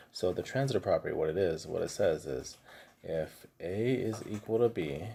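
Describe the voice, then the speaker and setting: Math teacher, middle-aged man, low mellow husky voice, easygoing anecdotal delivery. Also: slight background noise. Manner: relaxed, chatty, tells anecdotes with lots of fillers. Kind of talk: casual classroom lesson.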